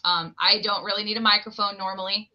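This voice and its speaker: A woman's voice: mid-range voice, steady tone, quick pace, bright, forceful tone. A woman telling stories as a podcast guest. She rambles happily and laughs often. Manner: bubbly, rambling storyteller who laughs often. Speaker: guest, former radio host. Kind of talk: casual interview chat. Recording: muffled lo-fi audio.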